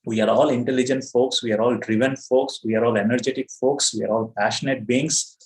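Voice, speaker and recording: A man's voice: medium pitch, fairly even intonation, fairly quick, darkish tone. A middle-aged man with an Indian accent giving an earnest, emphatic motivational talk to his business team, often saying "you know". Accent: Indian English. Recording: roomy echo.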